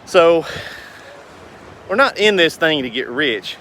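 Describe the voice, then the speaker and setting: A man in his thirties with a drawl, chatting to camera in a rambling, earnest way. His voice sits a bit on the high side for a man. A faint outdoor hum with passing vehicles runs underneath. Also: sing-song, slow pace, fairly bright tone. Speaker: business owner vlogger. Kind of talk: casual talk to camera.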